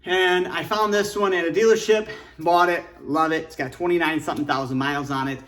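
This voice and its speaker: A man's voice: fairly high pitch, fairly even intonation, fairly quick, fairly bright tone. A middle-aged man from Michigan telling his life story casually and earnestly, rambling with fillers while sitting in his car. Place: inside a parked car.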